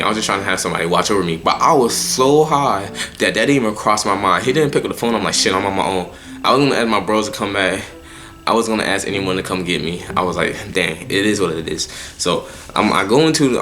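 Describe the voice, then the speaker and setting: A man's voice: deep voice, pushed and bright. A young man telling a personal story in a casual, profane monologue, full of slang and stumbling restarts. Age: young adult.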